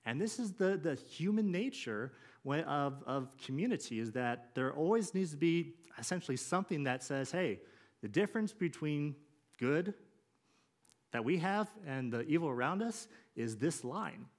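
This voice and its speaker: A man's voice: a little high, lively intonation, normal speed. A man pastor giving a conversational sermon in a church, with many fillers, who acts out the quotes he tells.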